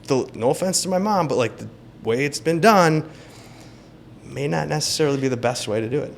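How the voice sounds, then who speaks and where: Animated man telling a deal story. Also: a little high, a little fast, gravelly, slight background noise. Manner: animated, acts out quoted dialogue. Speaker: realtor guest. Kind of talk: casual interview storytelling.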